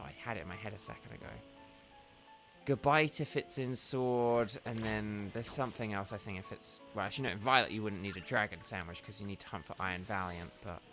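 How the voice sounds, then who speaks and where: Brief: lower-voiced, tired male streamer chatting to viewers while he plays, soft game music under him. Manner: rambling, chatty, addresses viewers directly. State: tired, yawning. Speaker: gaming livestreamer. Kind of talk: casual livestream commentary while playing.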